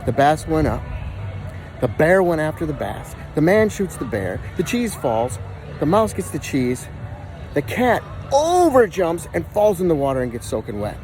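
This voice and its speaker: A man's voice: fairly high pitch, big pitch swings, moderate pace, darkish tone, faint music behind, voice pushed up. A man voicing a cheeky schoolboy who recites a chain of events matter-of-factly. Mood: recounting. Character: cheeky schoolboy telling a dirty story.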